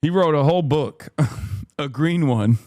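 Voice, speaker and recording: An American man doing live political commentary on a stream, talking fast, sarcastically and with heavy swearing. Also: a little high, a little mellow, dry recording, clean studio sound. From United States. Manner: sarcastic, fast, profane ranting.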